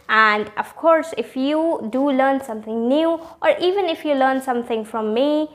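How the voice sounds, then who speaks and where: A young woman hosting a casual pronunciation lesson, quizzing the viewer and slowly repeating each word to demonstrate it. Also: sits high. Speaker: channel host and pronunciation teacher.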